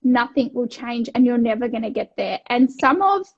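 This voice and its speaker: An Australian woman in her thirties, co-hosting as a wellness coach in casual podcast chat, energetic and blunt, swearing freely and acting out her own past thoughts. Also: on the high side, moderate pace, lo-fi sound. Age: 30s.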